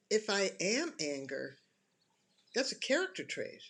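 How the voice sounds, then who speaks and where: A health educator speaks slowly and calmly, letting the pitch rise and fall freely. The talk moves point by point, with deliberate pauses to let each idea land. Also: husky. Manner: calm, deliberate, explains point by point; slow, emphatic pauses between phrases. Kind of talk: instructional talk to an online audience.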